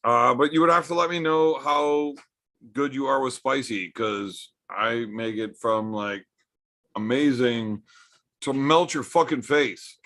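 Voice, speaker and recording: A man's voice: medium pitch, takes it slowly, bright, forceful tone. A man hosting a casual livestream from home, bantering with chat in a joking, profane way. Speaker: livestream host.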